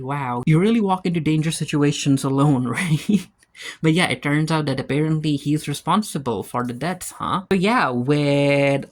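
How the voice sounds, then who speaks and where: Chatty man recapping a TV episode. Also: fairly high pitch. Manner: animated retelling, paraphrasing scenes with "he's like"; chatty, reacts aloud to the plot. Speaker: TV episode reviewer. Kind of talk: casual recap and review.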